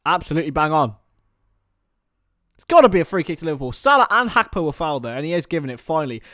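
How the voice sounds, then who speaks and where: Excitable football fan commentating. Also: male voice, a little high, quick pace, no room sound, studio quality. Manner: partisan, rises to excited shouts at chances. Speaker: watchalong commentator, Liverpool fan. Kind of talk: live fan commentary with chat.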